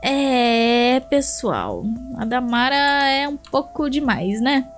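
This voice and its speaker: A woman's voice: a little high, very animated, soft background music. Chatty Brazilian woman streamer. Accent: Brazilian Portuguese. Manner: quick, chatty, swears casually. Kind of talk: casual live-stream chat.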